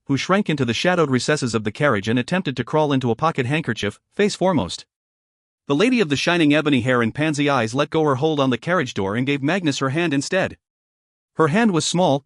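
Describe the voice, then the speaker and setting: A man reading an audiobook narration in a measured, expressive storytelling manner. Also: a little high, no echo, studio quality. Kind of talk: scripted narration.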